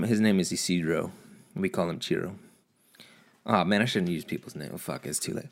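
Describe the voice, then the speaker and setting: A man with a very low, deep voice rambles through a casual vlog story, swearing freely and mocking himself as he goes. His talk is loose and conversational. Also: moderate pace. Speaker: vlogger.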